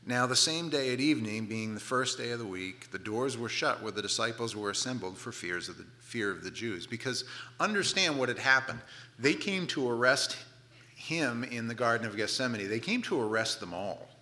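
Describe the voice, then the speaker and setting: A middle-aged man preaching a sermon, telling the story with playful asides and dropping to soft, hushed tones for tender moments. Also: mid-range voice, lively intonation, moderate pace. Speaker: pastor.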